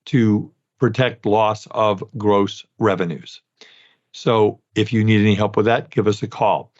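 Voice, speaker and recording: A man in his sixties hosts a podcast in a folksy, rambling voice, talking straight to his listeners. His voice sits at a middling pitch. The audio is dull and lo-fi. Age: 60s. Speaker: podcast host. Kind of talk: casual podcast talk.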